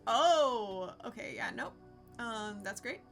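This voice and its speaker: Young woman streamer, casual chatter, fairly high bright voice, soft game music behind. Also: lively intonation, unhurried. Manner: chatty, laughs often, talks to chat. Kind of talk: casual live-stream chat.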